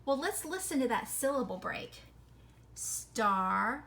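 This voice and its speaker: A woman teaching a reading lesson to young children, her voice sitting a little higher than most. She sounds out words slowly and clearly and keeps checking in with the class through tag questions. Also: lively intonation.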